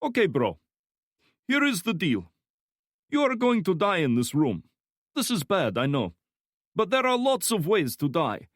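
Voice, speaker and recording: Man voicing a Slavic torturer, heavy Slavic accent, high and loud, friendly-menacing, dry close audiobook sound. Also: huge pitch swings, measured pace, long pauses, no echo, exaggerated voice. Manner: friendly banter masking cruel threats. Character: menacing wiry male Slavic torturer, jovial.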